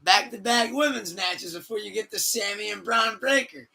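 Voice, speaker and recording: A man hosting a podcast in casual chat, excitable and swearing, laughing often. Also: sits high, normal speed, vocal fry, husky. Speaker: podcast host.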